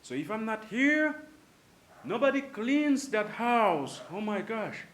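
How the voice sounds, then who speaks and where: A man voicing an exasperated mother who loudly complains that nobody else cleans the house. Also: fairly high pitch, very animated, fast talker, roomy sound, pitched above the performer's own voice. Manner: loud, complaining exclamations.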